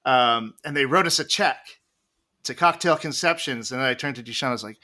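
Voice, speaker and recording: A man's voice: medium pitch, brisk, pushed and bright. A man guest on a podcast, telling long, rambling stories with many restarts and laughs. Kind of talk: casual storytelling interview.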